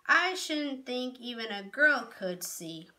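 A woman reading the part of a scornful, bitter teenage boy in a storybook tale, his voice pitched fairly high and slow, with a bright, forceful edge to it. He sounds intense and resentful from line to line. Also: sing-song, full character voice.

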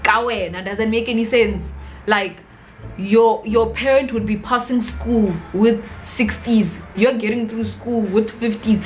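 A young South African woman vlogging a comedic rant, animated and mixing local slang into her English. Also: a little high, unhurried, faint music behind, poor audio.

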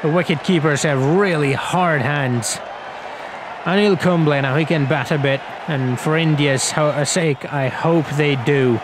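A young man giving rambling, casual play-by-play commentary over a cricket video game, getting excited on big shots. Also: fairly high pitch, unhurried. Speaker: gaming commentator. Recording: loud crowd and game noise behind.

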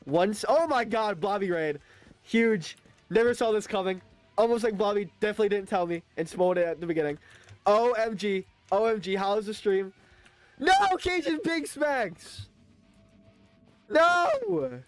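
A male game streamer with a high voice chatters excitably to his live chat. The sound is dry and close, with faint music under it. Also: fairly quick, dry recording. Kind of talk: live gaming stream commentary.

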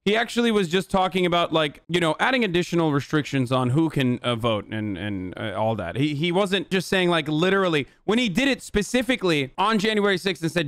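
A man's voice: a little high, expressive, brisk, hardly any pauses, a bit bright, no echo, clean studio sound. A man in his thirties hosting a live stream, commenting in a sarcastic, profane and rambling way. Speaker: political streamer host.

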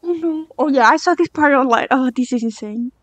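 High-voiced excitable young woman reacting. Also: brisk, no room sound. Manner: excitable, swears freely, sings along and shrieks. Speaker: reaction video host. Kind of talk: excited music video reaction. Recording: faint music playing behind her voice.

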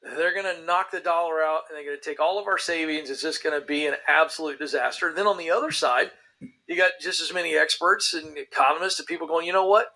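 A man's voice: fairly high pitch, fast, bright, forceful tone, poor audio. A man hosting a comic news show, talking in a sarcastic, theatrical way.

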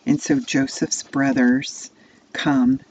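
Woman slowly telling a children's Bible story. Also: a bass voice, little pitch movement, a little mellow, dull audio, slight background noise. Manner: second-person immersive storytelling.

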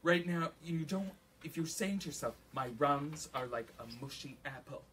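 A man's voice: on the high side, moderate pace, fairly bright tone, a little hiss or hum. A man teaching a flute masterclass to an audience, singing rhythms on syllables, counting aloud and joking as he coaches. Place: recital room with an audience.

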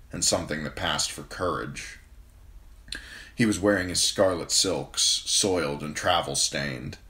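A man reading a fantasy novel aloud as an amateur audiobook narrator, steady and even. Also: low voice.

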